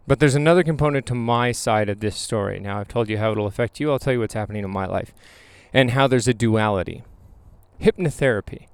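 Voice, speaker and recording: A man around thirty spins a motivational story with emphatic, animated delivery and dramatic pauses. His voice is smooth and resonant, recorded dry and close. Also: on the low side, no room sound. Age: late 20s to 30s. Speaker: photographer and hypnotherapist.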